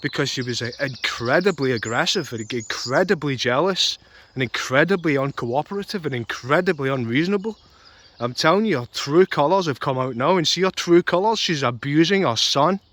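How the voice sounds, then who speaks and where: A man's voice: a little high, animated, fairly quick, fairly bright tone. Agitated man ranting. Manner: agitated, repetitive, swearing. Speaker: vlogger. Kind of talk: angry personal rant.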